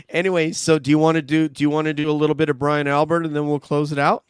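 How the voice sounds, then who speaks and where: A man's voice: on the high side, little pitch movement, fast talker, clean tone, no echo, clean studio sound. A man hosting an online true-crime show in casual, loose chat. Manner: loose, chatty, laughs easily. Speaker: host.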